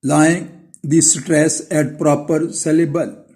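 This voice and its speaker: Pakistani male teacher, slow classroom dictation. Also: on the high side, steady tone, vocal fry, a little mellow. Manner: reads each blank aloud, then repeats the full sentence. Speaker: school teacher.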